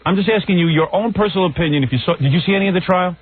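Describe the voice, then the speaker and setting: A man's voice: high voice, racing. A man hosting a heated radio call-in, mocking and hurling insults at a caller. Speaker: radio host. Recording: phone-like radio broadcast audio.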